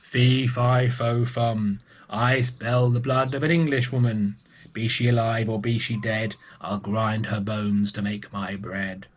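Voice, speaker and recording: A man voicing a greedy, booming male giant in a children's storybook reading, chanting slowly and menacingly.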